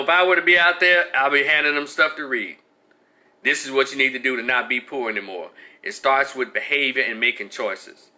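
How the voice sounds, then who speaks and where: A man hosting a live stream, giving casual, animated commentary with frequent restarts and answering viewers in the chat. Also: mid-range voice.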